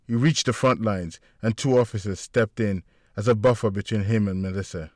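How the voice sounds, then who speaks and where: A man narrating an audiobook chapter in a steady, plain storytelling voice. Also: lowish voice, normal speed, dry recording, clean studio sound.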